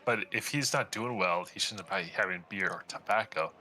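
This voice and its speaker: A man's voice: deep voice, moderate pace, pushed and bright. A man playing a tabletop game, speaking hesitantly with many ums. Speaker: player. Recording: faint background noise.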